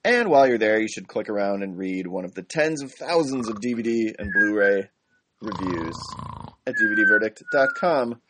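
A young man with a fairly low voice co-hosts a casual podcast. He reads the show plugs and then chats in an easygoing, joking way. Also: expressive, normal speed, noisy background. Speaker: podcast co-host.

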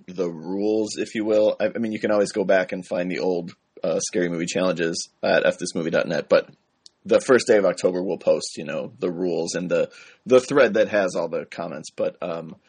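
A young man with a fairly low voice co-hosts a casual podcast. He reads the show plugs and then chats in an easygoing, joking way. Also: fairly quick, darkish tone, husky. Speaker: podcast co-host.

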